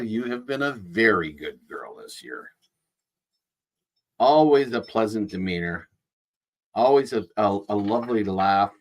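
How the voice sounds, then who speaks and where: A man in character as jolly old Santa Claus, rambling warmly from the workshop in a low, husky voice. His pitch swings up and down as he chats, full of folksy asides. The talk is loose and casual, like a chat with children. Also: exaggerated voice. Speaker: Santa performer greeting children.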